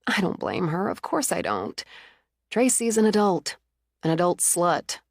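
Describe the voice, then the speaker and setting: A woman's voice: on the low side, big pitch swings, measured pace, gravelly, no echo, exaggerated voice. A jilted young woman, read by a woman narrator, more angry than heartbroken. She talks bluntly, with a dry wryness and a resolute edge. The audiobook recording is dry and close. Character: hurt but angry young woman, wry.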